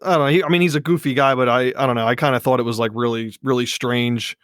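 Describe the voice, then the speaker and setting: A man's voice: mid-range voice, fairly even intonation, fast talker, a bit bright, dry recording. A man with a Philadelphia accent chats casually as a podcast guest, rambling and restarting his sentences as he goes. His voice sits in a middle range and sounds dry and close to the mic. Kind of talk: casual chat.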